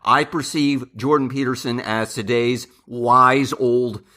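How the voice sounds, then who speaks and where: An older man lecturing his viewers in a bright, forceful voice. He counts his points off one by one and leans hard on key words as he hands out blunt life advice. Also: medium pitch, fairly even intonation, slow. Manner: emphatic, addresses listeners as "men", uses lists. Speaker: channel host. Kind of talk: advice monologue to camera.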